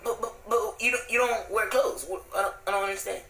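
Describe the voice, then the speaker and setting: A man's voice: high voice, steady tone, a little fast, sharp tone. A man voicing a young male cartoon character with a heavy stutter who keeps tripping over his words. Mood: flustered. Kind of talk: cartoon voice acting.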